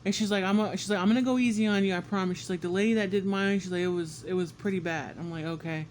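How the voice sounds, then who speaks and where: A man vlogging a casual story about being sick, animated and swearing often, acting out what people said. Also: high-pitched, quick pace, a little hiss or hum. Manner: animated, swears often, acts out quotes with squeals. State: congested and sick.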